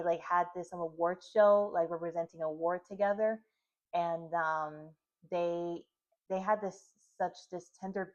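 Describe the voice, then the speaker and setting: A woman's voice: on the low side, lo-fi sound. A woman casually recapping a series for her video channel, rambling and filling with "like" and "you know". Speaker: reaction vlogger.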